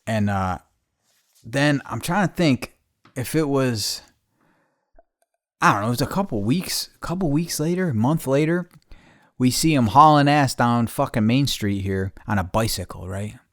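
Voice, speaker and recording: A man's voice: medium pitch, lively intonation, measured pace, a bit bright, dry recording, clean studio sound. A man rambling through a profane, loose, chuckling story as a podcast host.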